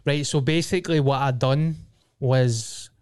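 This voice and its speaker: A man's voice: mid-range voice, unhurried, darkish tone, clean tone, dry recording, clean studio sound. A young Scottish man telling rambling, sweary stories in a casual podcast chat. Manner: rambling, sweary storytelling with frequent restarts.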